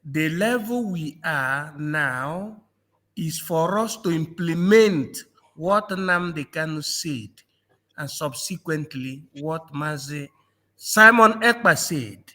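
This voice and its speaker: A man's voice: a little high, expressive, slow pace, sharp tone. A man from Nigeria in a political discussion, mocking and repeating phrases, laughing often. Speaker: panel guest.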